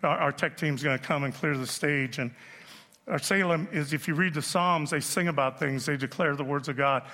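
A man in his sixties preaching a sermon as pastor, animated and joking with the congregation. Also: a little high, moderate pace. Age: 60s. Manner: animated storytelling, jokes with the audience. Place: church auditorium. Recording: long reverb of a large hall.

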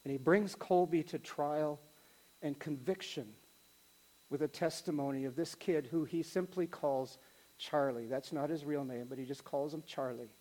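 High-voiced man telling a sermon story. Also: moderate pace, rough recording. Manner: conversational, animated storyteller. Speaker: pastor.

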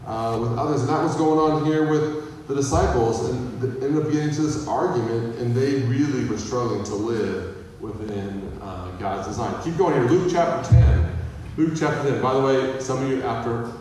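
A man's voice: mid-range voice, moderate pace, hardly any pauses, darkish tone, slight background noise. Guy preaching a casual sermon, jokes around, sounds far off in a big echoey church. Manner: conversational, with humor and acted-out quotes. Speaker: pastor. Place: church sanctuary. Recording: echoey hall, voice from a distance.

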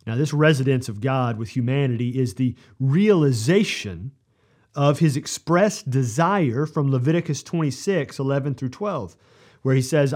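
A middle-aged man preaching a verse-by-verse sermon, reading scripture aloud in a measured way and then explaining it. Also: medium pitch, a little mellow.

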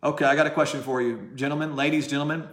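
A man's voice: fairly high pitch, steady tone, rapid-fire, fairly bright tone, reverberant. A man preaching a sermon straight to camera, passionate and direct, firing rhetorical questions at the listener. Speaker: pastor.

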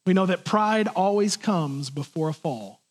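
A man's voice: sits high, animated, a little slow. A man preaching a sermon to his congregation in an earnest, plain way, sometimes acting out voices. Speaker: pastor.

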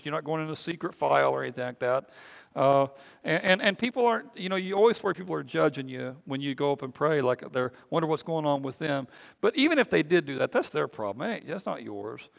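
A man's voice: fairly high pitch, animated, quick pace, gravelly. A man preaching a conversational sermon as pastor, often repeating words as he goes. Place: church sanctuary. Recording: long reverb of a church hall.

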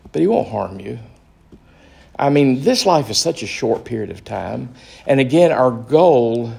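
Pastor guy talking through a book study, gravelly voice, slow and earnest. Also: mid-range voice, darkish tone. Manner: slow, earnest, with fillers and restarts. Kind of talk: Bible study talk.

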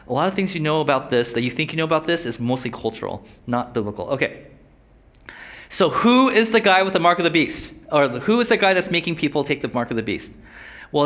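A young adult man gives a Bible lesson in a relaxed, conversational sermon style, frequently putting questions to his listeners. His voice is fairly high and fairly bright.

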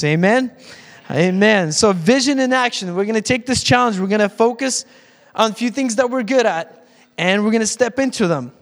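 A man's voice: high-pitched, brisk. A man preaching a conversational sermon as pastor, with frequent restarts, in a church sanctuary. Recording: long church hall reverb.

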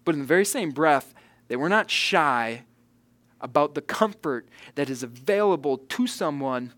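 A man preaching with earnest conviction, his voice a touch higher than most men's. He swells loud on key points and sinks almost to a hush for emphasis. The sound is dry and close, with no room echo. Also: lively intonation, normal speed. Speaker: pastor. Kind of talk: sermon.

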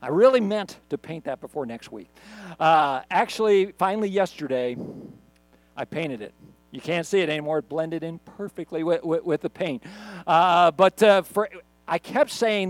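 A man's voice: a little high, expressive, normal speed, dry recording. A middle-aged male pastor preaching a sermon for an online video, in a conversational storytelling manner. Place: church recorded on camera.

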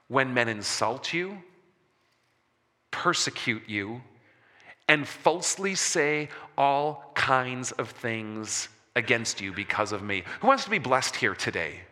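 A man preaching a sermon as a pastor, slowing for emphasis and dropping soft on key words. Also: medium pitch, sing-song. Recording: long reverb of a large hall.

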